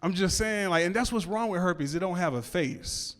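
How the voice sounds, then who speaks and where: This male stand-up comedian sounds high-pitched and a little bright, moving at an ordinary speed. Onstage at a club, he talks in a loose way with stammered restarts and side comments to the audience.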